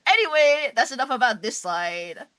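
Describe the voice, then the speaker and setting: Brief: young woman streamer, bright and animated, giggly and slangy. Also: sits high, moderate pace, clean tone. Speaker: vtuber streamer. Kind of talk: casual chat.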